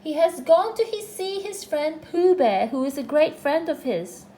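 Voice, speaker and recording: A woman's voice: sits high, very animated, a little slow, dark tone, roomy sound, pitched above the performer's own voice, low-quality recording. A woman reading a storybook and voicing a fussy, polite, cautious male rabbit who speaks in a prim and precise way.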